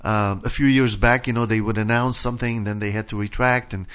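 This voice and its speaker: A man's voice: lowish voice, steady tone, a little fast, a bit bright, smooth. Rambling male radio host. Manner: rambling, hedging, chuckling. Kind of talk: casual chat. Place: radio studio.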